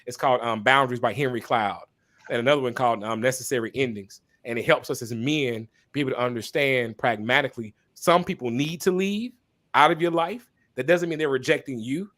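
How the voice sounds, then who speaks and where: A man speaking as a podcast guest and minister, talking candidly and passionately, repeating phrases for emphasis like a preacher and pausing to apologize for talking so long. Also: mid-range voice, fairly bright tone. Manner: apologetic asides to listeners. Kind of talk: candid conversational testimony.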